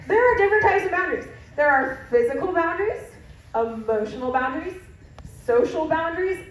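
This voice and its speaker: A woman's voice: high-pitched, a little hiss or hum. A woman youth pastor giving a playful sermon, talking straight to her audience. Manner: playful, addresses audience directly. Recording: echoey hall from far off.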